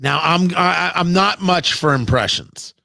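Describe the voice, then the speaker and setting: A man's voice: high-pitched, a little slow, gravelly, pushed and bright, dry recording, studio quality. A man hosting a radio talk show, delivering a sarcastic, mocking opinion monologue with emphatic asides. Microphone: studio microphone, live-streamed show.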